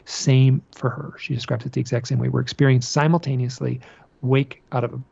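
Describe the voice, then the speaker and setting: A man being interviewed about a personal experience, telling it as an animated story, often repeating phrases and restarting his sentences. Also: mid-range voice, brisk, vocal fry, husky, no echo, dull audio. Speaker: podcast guest.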